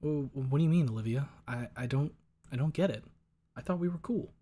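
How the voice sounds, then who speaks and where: A man's voice: mid-range voice, a little fast, dark tone, lightly acted. A man voicing a friendly, easygoing character in a light, plain-spoken way.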